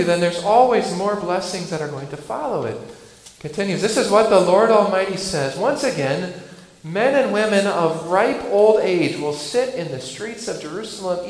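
Man, pastor preaching, high voice, echoey church hall, faint background hiss. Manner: earnest, builds and drops volume for emphasis. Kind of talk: sermon.

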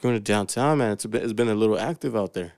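Chill slangy dude rambling stories on a podcast, dry close mic, cusses a lot. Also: male voice, on the low side, fast talker, darkish tone, no room sound. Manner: laid-back slangy storytelling, swears a lot. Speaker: podcast co-host. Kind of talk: casual chat.

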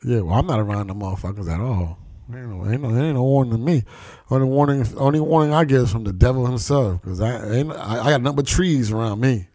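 A man's voice: mid-range voice, warm tone, no room sound. A man hosting a podcast who tells street stories in a casual, profane way and acts out the voices of the people he quotes. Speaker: podcast host. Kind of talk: casual conversation, storytelling.

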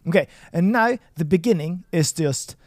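A man's voice: sits high, expressive, moderate pace, dry recording, clean studio sound. A man from Sweden tutoring Chinese in a casual lesson, encouraging and playful, praising his student often. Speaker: language tutor.

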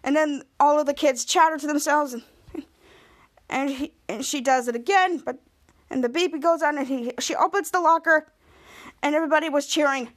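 High-voiced woman rambling through a recap. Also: brisk. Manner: rambling retelling with restarts, acting out quoted lines. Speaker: podcast host. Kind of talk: casual episode recap.

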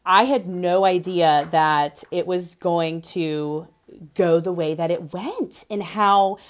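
A woman's voice: on the low side, slow. Gossipy young woman recapping reality TV. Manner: gossipy, animated, heavy use of "like".

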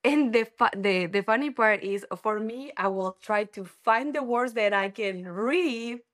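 A woman's voice: fairly high pitch, a little slow, a bit bright. A woman from Ecuador, a native Spanish speaker with a Spanish accent, chatting as an interview guest and laughing often as she tells family stories. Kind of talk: casual interview.

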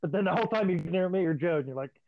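A man's voice: high voice, expressive, racing. A man telling profane wrestling stories in casual chat, acting out the voices of the people in them. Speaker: podcast co-host, former wrestler. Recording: dry, tinny phone-like sound.

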